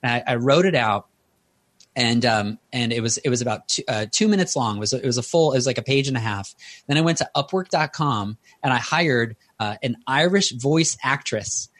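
A man's voice: mid-range voice, brisk, a bit bright, dry recording. A man in his thirties, a guest author in an interview, telling personal stories in an earnest, conversational way.

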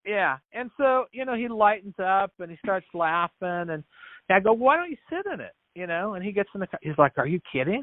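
High-sitting and very animated, this man's voice moves at a brisk pace with no echo. As a podcast guest and business founder, he earnestly recounts a story in the interview, dramatizing the dialogue and restarting or repeating words often. It sounds like a dry, tinny phone line.

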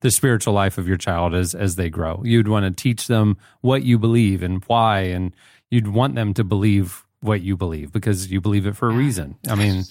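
A man in his thirties co-hosts a podcast conversation and makes his points firmly and emphatically. His voice sits a bit low for a man, recorded dry and close. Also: normal speed, a little mellow, no room sound. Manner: emphatic and firm. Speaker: podcast co-host. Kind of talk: casual studio podcast chat.

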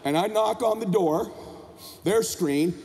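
A man telling a story onstage at a convention, animated and emphatic, acting out the people in it. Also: high voice, slow pace, a little hiss or hum. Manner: animated, emphatic, acts out characters. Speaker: motivational speaker. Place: large convention hall. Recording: hall reverb with faint ambience.

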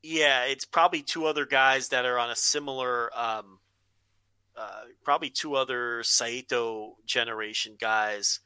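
A man's voice: medium pitch, steady tone, a little slow, pushed and bright, clear, resonant tone, no room sound. A man co-hosting a casual wrestling podcast, blunt and opinionated, swearing freely. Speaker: podcast co-host.

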